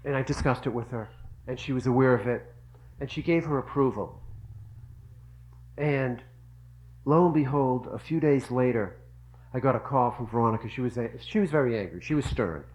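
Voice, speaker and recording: A man's voice: mid-range voice, normal speed, pauses often, a little mellow, dull audio. A middle-aged man giving an earnest devotional talk, telling stories and repeating phrases for emphasis. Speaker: religious speaker.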